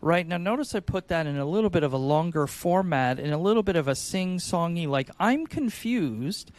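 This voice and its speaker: A man with a fairly high speaking voice gives sales advice on a podcast. He talks in an animated, demonstrative way and slips into acted-out phone calls. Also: moderate pace, no echo. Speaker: insurance sales podcast panelist.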